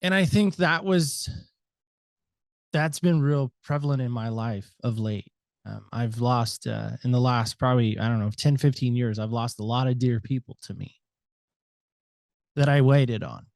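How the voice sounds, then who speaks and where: Talkative man guest, reflective, mid-pitched, dry close sound. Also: unhurried, gravelly, dry recording. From United States. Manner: talkative, reflective, varies loudness a lot. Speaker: podcast guest. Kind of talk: reflective interview talk.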